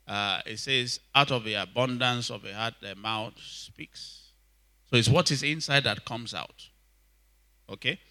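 Bright-voiced preacher man. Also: medium pitch, measured pace. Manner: emphatic, repeats lines, asks the congregation for responses. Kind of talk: sermon.

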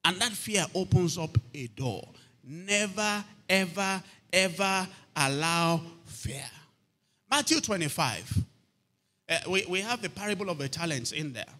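Preacher guy, bright slightly high voice, keeps asking are you hearing me. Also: sing-song, normal speed, breathy edge. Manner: storytelling preacher, repeats phrases, asks "are you hearing me?". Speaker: pastor. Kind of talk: sermon.

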